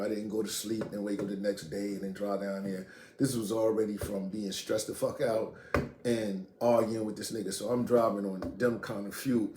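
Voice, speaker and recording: Man, lowish voice, profane animated storytelling, echoey room. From Queens, New York. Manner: animated, profane, street slang. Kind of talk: casual storytelling. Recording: echoey room, faint noise.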